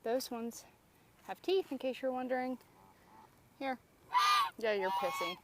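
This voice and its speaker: A woman's voice: a little high, unhurried. A woman feeding geese at a park and coaxing them along in a sing-song, laughing way, swearing casually, filmed on a phone outdoors. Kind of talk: casual phone video chatter. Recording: loud outdoor noise with honking geese. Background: honking geese.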